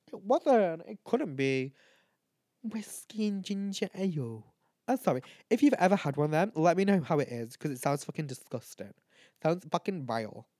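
This man's voice is a little high and warm, recorded dry at studio quality. Tipsy and chatty, he hosts a podcast ranking canned cocktails, swearing freely, rambling, and cracking himself up.

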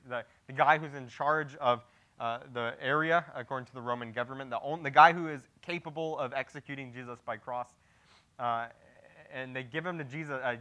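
A man's voice: medium pitch, sharp tone. A young man preaching a sermon, teaching through a Bible passage in a casual, conversational way that builds to emphatic declarations.

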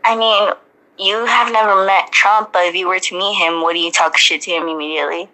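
A woman reads fanfiction aloud on a comedy podcast, breaking into snorts of laughter and sarcastic asides. Her voice is bright and forceful. The sound has a slight radio-like color. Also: lowish voice, steady tone, brisk, rough recording. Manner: giggly, sarcastic, swears freely. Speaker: podcast co-host reading fanfic. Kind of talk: casual comedic reading.

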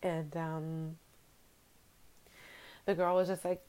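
A woman's voice: fairly low pitch, normal speed, a little mellow. A woman telling a personal story in a casual vlog, chatty and full of fillers. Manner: chatty, heavy on fillers like "you know" and "like". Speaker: vlogger.

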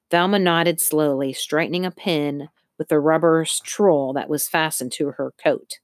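Low-voiced woman narrating a storybook. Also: moderate pace, few pauses, no room sound, clean studio sound. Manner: steady storytelling, occasional slips. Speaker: audiobook narrator. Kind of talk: scripted narration.

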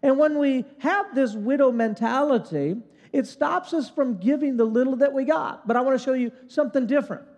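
High-voiced older pastor preaching in a hall. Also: male voice, moderate pace, highs cut off. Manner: animated, conversational preaching with frequent "right?". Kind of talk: sermon.

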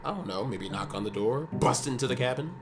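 A man's voice: mid-range voice, animated, a little fast, noisy background. A man co-hosting a podcast, adding dry, joking asides to a casual episode recap. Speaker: podcast co-host.

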